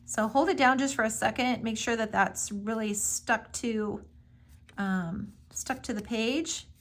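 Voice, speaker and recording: A woman with a slightly high voice walks through a paper craft project step by step. She talks casually, with plenty of fillers and reassuring instructions. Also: measured pace, a bit bright.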